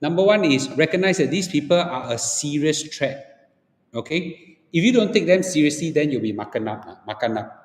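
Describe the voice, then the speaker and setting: A man's voice: on the high side, lively intonation, moderate pace. A man with a Singaporean accent giving an opinionated livestream talk, blunt and lecturing, often checking in with "okay?" and "ah". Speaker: livestream host. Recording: echoey room with long reverb.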